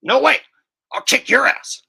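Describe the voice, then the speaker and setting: A man doing an impression of a hyper, dimwitted teen cartoon boy, blurting excitedly in a high, strained voice. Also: unhurried, vocal fry, slightly rough, heavily acted. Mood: panicked.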